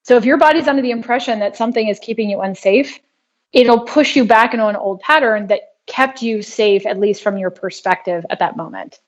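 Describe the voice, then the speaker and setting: A woman guest in an interview, explaining her work earnestly and telling a personal story in a steady way. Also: a little high, a little fast. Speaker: guest, trauma healing practitioner. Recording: dull lo-fi sound.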